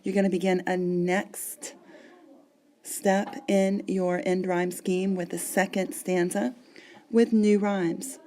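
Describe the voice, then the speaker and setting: A woman's voice: medium pitch, flat delivery, takes it slowly, darkish tone. A woman teacher giving a classroom lecture, explaining step by step and marking out syllables as she goes.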